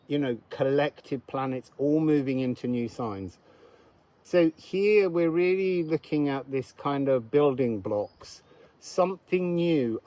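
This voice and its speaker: A man's voice: a little high, mellow, rough recording. A man giving a casual, meandering astrology and card reading outdoors, thinking aloud as he goes.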